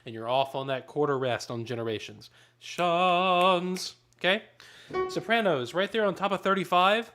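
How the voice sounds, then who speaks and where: A man's voice: high voice, moderate pace, bright, forceful tone, faint music behind. Male choir director coaching a sectional. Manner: gives directions between sung demonstrations. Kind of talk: rehearsal instruction.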